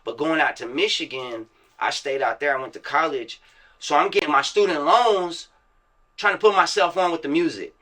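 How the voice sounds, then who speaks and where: A man's voice: a little high, normal speed, sharp tone. A man from the American South, a rapper telling his story as an interview guest in casual, profane street slang, acting out other people's words. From Virginia and Florida, USA.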